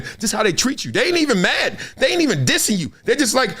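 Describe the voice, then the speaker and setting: Man in his fifties, sports show host, high voice, very animated swings, slangy storyteller. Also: fast, breathy edge. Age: 50s. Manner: animated storyteller, acts out quotes; slangy, laughs often. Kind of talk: casual sports commentary.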